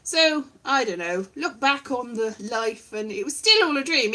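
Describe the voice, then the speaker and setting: A woman's voice: high voice, expressive, a little slow, noisy background. A woman in a wry, self-deprecating, meandering casual monologue, vlogging with a guitar strummed in the background.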